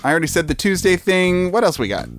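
A man's voice: high voice, big pitch swings, quick pace, over music. A man co-hosting a casual comedy podcast, joking around and laughing often between lines. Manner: joking, laughs often, slips into silly voices. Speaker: podcast co-host.

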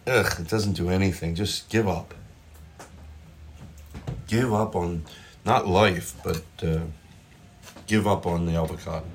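Middle-aged male comic, very low voice, loose rambling kitchen chat with the odd swear, phone mic on the counter. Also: slight background noise. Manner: rambling, self-interrupting, with mild swearing. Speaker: comedian hosting his own show. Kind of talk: casual chat while cooking and eating. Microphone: phone propped up nearby.

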